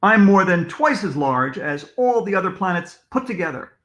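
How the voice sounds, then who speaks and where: A man's voice: high-pitched, sing-song, normal speed, a bit bright, voice pushed up. A man voicing a boastful young schoolboy in a storybook, in a brash manner. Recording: echoey room.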